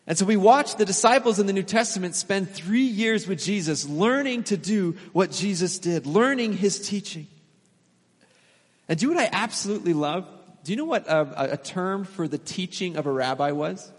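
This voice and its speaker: A man in his thirties preaching a sermon as pastor, telling stories in a relaxed, conversational way with fillers and small laughs. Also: high-pitched, normal speed. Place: church sanctuary. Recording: long hall reverb.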